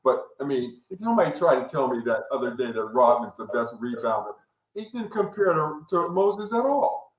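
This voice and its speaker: A man's voice: mid-range voice, very animated, normal speed, muffled recording. A man in his seventies hosting a podcast, chatting casually and repeating words as he tells stories. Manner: repeats words, loose storytelling. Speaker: podcast host, former player. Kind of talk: casual chat. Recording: echoey room.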